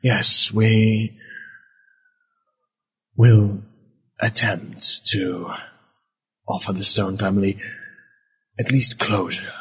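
A man doing a robed adventurer, earnest, slow, very raspy, low voice, lo-fi. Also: a bit bright, long reverb tail, full character voice. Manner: earnest, halting.

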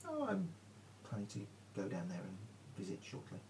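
A man voicing a thin, famished male elf prisoner, a spy trying to sound cheerful in a worn, hoarse voice. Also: fairly low pitch, huge pitch swings, normal speed, darkish tone. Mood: evasive. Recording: noisy room recording.

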